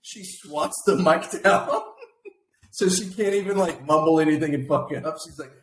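At a moderate pace and slightly high pitch, a man co-hosts a podcast full of casual political chat. He's lively, laughing and doing impressions of others, with the recording picking up room echo and faint noise.

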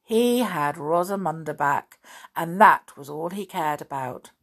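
Storyteller: a woman reading a storybook aloud, expressive, gently emotive. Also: sits low, a little slow.

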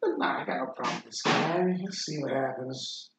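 A man's voice: medium pitch, expressive, a little fast, heavy background noise. A man hosting a casual sports chat podcast, rambling and swearing freely. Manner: rambling and profane, frequent fillers. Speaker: podcast host. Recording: echoey room, muffled sound.

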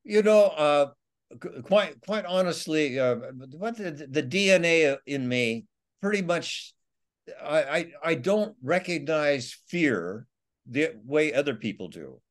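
Fairly high in pitch, expressive and slow, this man is an author guesting on an interview. His survival stories come out rambling, full of restarts.

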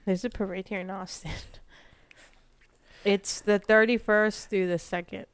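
A woman's voice: mid-range voice, fairly even intonation, measured pace, clear, resonant tone. A young woman co-hosting a podcast, rambling in casual chat with lots of fillers and restarts. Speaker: podcast co-host.

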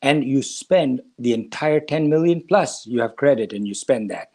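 A man's voice: medium pitch, animated, moderate pace, darkish tone. Man explaining scripture. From India. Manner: storytelling, explanatory, addresses listener. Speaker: spiritual teacher. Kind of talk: lecture on scripture.

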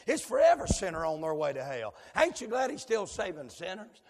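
A male preacher delivering a fiery sermon in rhythmic cadences, dotted with amens and sudden shouted whoops. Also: high-pitched, big pitch swings, a little fast, gravelly, few pauses. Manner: rhythmic cadences punctuated with amen. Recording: long hall reverb.

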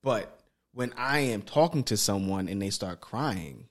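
A man's voice: on the low side, unhurried. A man talking bluntly and animatedly in a casual podcast chat, swearing freely. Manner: blunt and profane, animated storytelling. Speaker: podcast guest.

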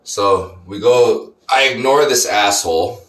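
A man's voice: on the low side, slow, a bit bright, slight background noise. Profane rambling man in his thirties. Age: 30s. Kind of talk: casual ranting monologue. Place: room in an apartment complex. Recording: echoey room.

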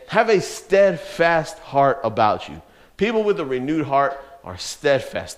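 Animated young youth pastor. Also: male voice, a little high. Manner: animated storyteller, casual slang, frequent laughs. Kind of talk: youth sermon with personal story.

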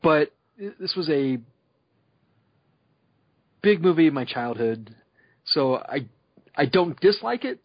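A man's voice: on the high side, expressive, slow pace, pauses often, breathy edge, no room sound. A man co-hosts a casual podcast, rambling through his thoughts and laughing at his own points. The sound is dry and close, with a dull lo-fi tone. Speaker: podcast co-host.

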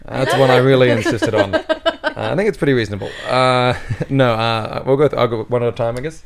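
A man's voice: medium pitch, expressive, a little fast, creaky. A man who works as a comedian, hosting a podcast in casual chat with teasing jokes and rambling asides. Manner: joking, teasing, rambling with "uh" fillers.

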